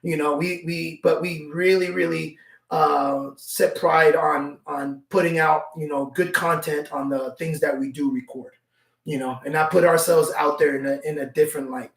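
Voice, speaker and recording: A man speaks casually, running through points with fillers like "okay" and "uh". His voice is gravelly and fairly high for a man. It sounds echoey and caught from a distance. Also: steady tone, moderate pace, a bit bright. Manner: informal, listing things with filler "okay" and "uh". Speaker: co-host. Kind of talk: casual chat. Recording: roomy, from far off the mic.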